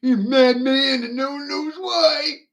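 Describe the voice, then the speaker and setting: A man's voice: very high-pitched, unhurried, gravelly, fairly bright tone, pitched above the performer's own voice, full character voice. A man putting on a sneering, sing-song voice to imitate clueless critics. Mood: mocking.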